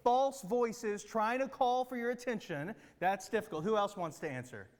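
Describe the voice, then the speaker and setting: The recording, marked by the long reverb of a big hall, captures a man guiding kids through a church group activity in a large room with a platform. His voice sits high and moves at a normal speed as he gives upbeat, encouraging instructions and keeps asking whether the children understand.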